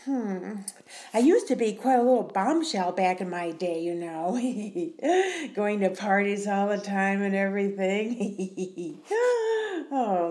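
A woman's voice: medium pitch, darkish tone, reverberant. A woman voicing a wistful, sentimental middle-aged widowed mother in an audio role-play, sighing and teasing as she talks.

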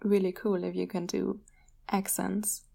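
A woman's voice: medium pitch, little pitch movement, creaky, mellow. Giggly woman. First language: German. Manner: giggly, quick to laugh. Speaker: podcast co-host. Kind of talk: casual chat.

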